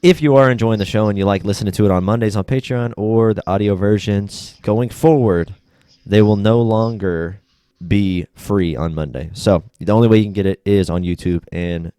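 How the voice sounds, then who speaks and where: A young man hosting a casual podcast, laid-back and blunt, swearing freely and getting animated when he retells stories. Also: low-pitched, clear, resonant tone, dry recording, clean studio sound. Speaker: podcast host. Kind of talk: casual chat.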